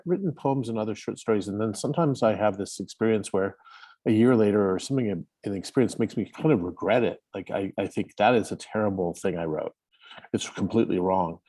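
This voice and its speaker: A man in casual discussion on a video call, talking in a hesitant, halting way with many fillers. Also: on the low side, mellow, breathy edge. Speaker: roundtable participant.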